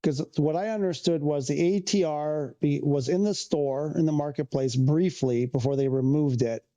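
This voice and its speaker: A man's voice: fairly high pitch, normal speed, dark tone. A man from Canada, chatting casually on a livestream, rambling and restarting as he answers viewers' questions. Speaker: streamer.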